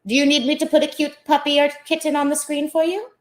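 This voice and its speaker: A woman's voice: high voice, level tone, fast. Wry woman giving a mock acting lesson. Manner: mock-earnest instructor, wry. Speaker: comedy host.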